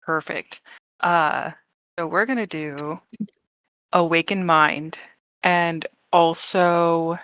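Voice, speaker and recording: A woman plays a tabletop game and plans her moves aloud, slowly and deliberately. Her voice is fairly low. The sound is dry and close. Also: fairly even intonation, a bit bright, dry recording. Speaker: player. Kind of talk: casual tabletop play.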